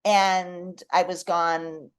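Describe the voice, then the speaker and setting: A middle-aged woman, a guest on a podcast, telling personal stories in a heartfelt, expressive way. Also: on the low side, extremely slow, smooth. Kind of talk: casual podcast conversation.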